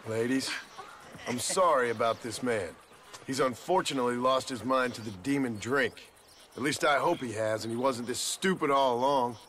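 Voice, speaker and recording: A man's voice: medium pitch, normal speed, fairly bright tone, slight background noise, lightly acted. A man playing a stern frontier gunslinger. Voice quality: stern, threatening, dry. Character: stern, gruff male western gunslinger. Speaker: game character. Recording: game audio with outdoor ambience.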